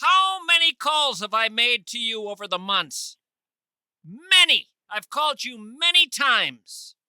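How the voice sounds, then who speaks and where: Animated, bright-voiced male podcast host. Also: extremely high pitch, measured pace, clean tone, no echo, clean studio sound. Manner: animated, mock-outraged, theatrical. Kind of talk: rambling comic monologue and prank phone call.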